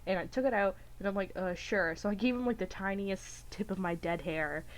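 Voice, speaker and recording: A woman's voice: medium pitch, fairly quick. Giggly young woman telling a rambling story. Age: young adult. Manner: rambling, giggly, acts out quotes with voices. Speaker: podcast co-host. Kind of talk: casual storytelling chat.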